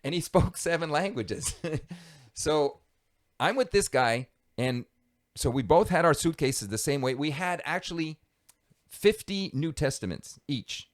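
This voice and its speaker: Lively man recounting a story. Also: on the high side, unhurried. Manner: animated, lively storyteller who laughs easily. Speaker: guest telling his life story. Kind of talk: conversational storytelling.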